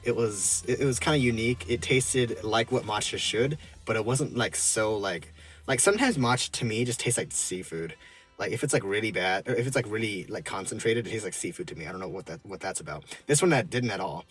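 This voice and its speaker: A man casually reviewing drinks from his car, halting and full of fillers and restarts, chuckling often. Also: lowish voice, a bit bright, husky, soft background music.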